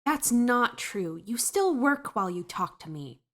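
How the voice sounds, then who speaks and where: A woman's voice: fairly high pitch, big pitch swings, fairly bright tone, pitched above the performer's own voice. A woman voicing a feisty young girl who bursts out indignantly. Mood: pleading. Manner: quick, indignant outbursts.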